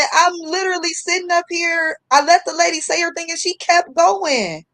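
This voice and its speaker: High-voiced woman telling a story. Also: a little fast, few pauses. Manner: animated storyteller, acting out voices. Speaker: livestream guest. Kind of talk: casual storytelling chat.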